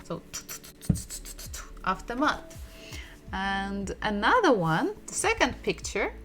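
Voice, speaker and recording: Woman teacher, bright tone, unhurried delivery, patient and repetitive. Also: mid-range voice, very animated, soft background music. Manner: patient, repeats sounds slowly for learners; asks the audience questions. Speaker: Russian language teacher. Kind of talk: online language lesson.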